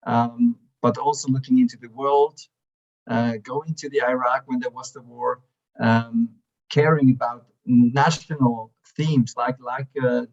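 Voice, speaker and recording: A man's voice: mid-range voice, darkish tone, muffled recording. A man hosting an evening event, introducing the guest speaker in a hesitant way with many fillers. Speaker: event host.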